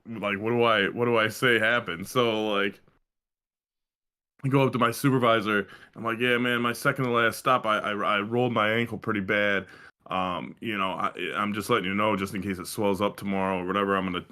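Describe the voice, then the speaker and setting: A young man telling long, meandering stories on a casual podcast, swearing freely and leaning on fillers. His voice sits fairly low but sounds bright and forward. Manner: rambling storyteller, heavy swearing and fillers. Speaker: podcast co-host. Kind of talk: casual chat.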